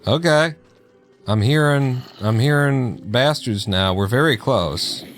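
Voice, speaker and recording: A man's voice: mid-range voice, slow. A man chatting casually through live gameplay, joking, laughing and talking to himself as he plays. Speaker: streamer.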